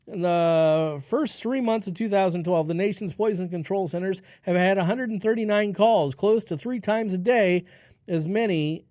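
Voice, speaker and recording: A man's voice: high voice, a little mellow, no room sound, clean studio sound. A man in his forties hosting a health radio show, reading news headlines and breaking into sarcastic, ranting asides. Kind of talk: solo health news commentary.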